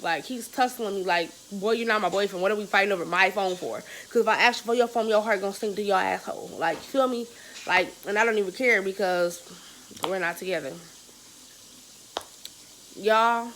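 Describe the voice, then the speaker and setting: A young woman vlogger telling a story in a casual, animated, slangy and profane way. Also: medium pitch, a little hiss or hum, rough recording.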